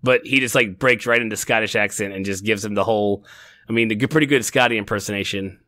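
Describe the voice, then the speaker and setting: Middle-aged man, bright and forceful voice, dry close sound, rambling casual review chat. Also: on the low side, fast, no room sound. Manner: rambling, laughs often, many restarts. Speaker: podcast co-host.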